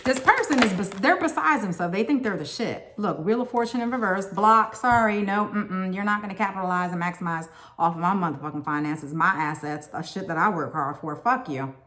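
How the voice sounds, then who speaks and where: A woman's voice: mid-range voice, brisk, hardly any pauses, fairly bright tone. A woman doing a casual tarot reading, blunt and profane, with sassy asides aimed straight at the viewer. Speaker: tarot reader.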